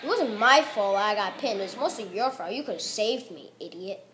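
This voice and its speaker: A woman commentating a video game she is playing, excitable, full of exclamations and trash talk. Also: mid-range voice, moderate pace, faint music behind. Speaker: gaming commentator. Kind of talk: gameplay commentary.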